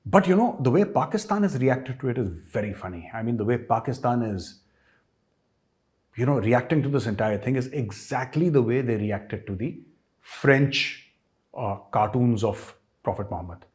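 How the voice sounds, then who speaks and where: A man's voice: medium pitch, expressive, normal speed, darkish tone. Emphatic Indian man with sarcastic commentary. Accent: Indian English. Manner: emphatic and sarcastic, with rhetorical questions. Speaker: host, political commentator. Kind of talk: opinion commentary.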